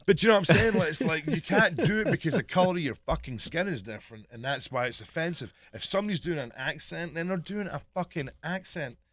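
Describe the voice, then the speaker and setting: A man's voice: a little high, animated, fairly quick, hardly any pauses, a bit bright, no room sound. Profane rambling middle-aged man. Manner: rambling, profane, laughing often. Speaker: podcast co-host. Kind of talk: casual banter.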